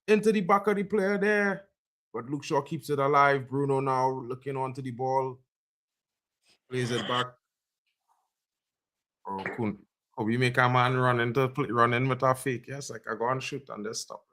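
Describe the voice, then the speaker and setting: A man reacts live to a football match on a fan stream. He talks in loose slang and keeps up a running call of the play. At big chances his voice jumps into loud, high yells. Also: flat delivery, moderate pace, pauses often. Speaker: fan livestream host.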